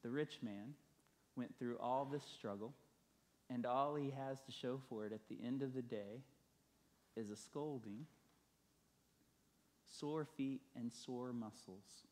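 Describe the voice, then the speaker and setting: A man's voice: mid-range voice, slow, long pauses, a little mellow. A male pastor preaching a sermon, telling a story and building emphasis through repeated phrases.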